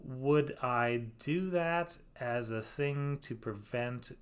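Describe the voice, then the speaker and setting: A man's voice: mid-range voice, slow pace, clear, resonant tone. A middle-aged man, a virologist, casually reads out viewers' questions and explains the science in a chatty way, with frequent ums and asides. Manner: chatty, many fillers, reads questions aloud and comments.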